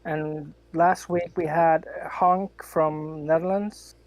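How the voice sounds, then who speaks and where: Man, fairly high voice, joking. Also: flat delivery, slow pace, dry recording, lo-fi sound. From Norway. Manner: joking, hesitant with fillers. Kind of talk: casual livestream chat.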